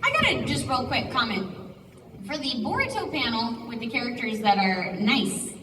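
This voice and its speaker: A woman's voice: a little high, big pitch swings, normal speed, sharp tone. A woman speaking on a convention panel, playful and exclamatory. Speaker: voice actress panelist. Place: large convention hall. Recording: echoey hall from far off, noisy crowd.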